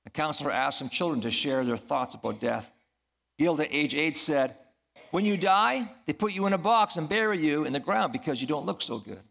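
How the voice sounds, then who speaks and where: A man's voice: fairly high pitch, expressive, normal speed, vocal fry, a bit bright. A man preaching a sermon as a pastor, earnest and building to emphatic peaks.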